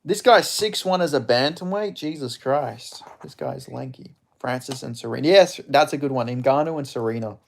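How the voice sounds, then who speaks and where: A man hosting a live fight watch-along, giving casual, profane commentary with sudden excited outbursts. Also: mid-range voice, normal speed, vocal fry, few pauses. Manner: excitable, swearing, bursts into loud reactions.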